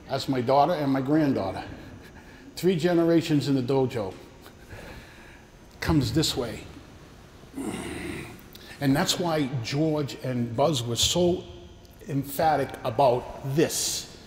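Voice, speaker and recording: A man's voice: medium pitch, takes it slowly, pauses often, a little mellow, slight background noise. Older man coaching in an echoey hall. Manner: coaching, talks through demonstrations with partners. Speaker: karate instructor. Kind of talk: teaching a martial arts seminar. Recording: echoey hall with long reverb, faint ambience.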